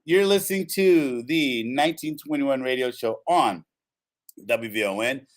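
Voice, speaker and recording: A man's voice: medium pitch, measured pace. A man hosting a radio talk show, upbeat and playful.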